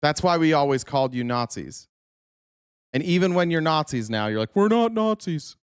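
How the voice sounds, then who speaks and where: A man's voice: mid-range voice, animated, normal speed, smooth, no echo, studio quality. Blunt, profane male political commentator.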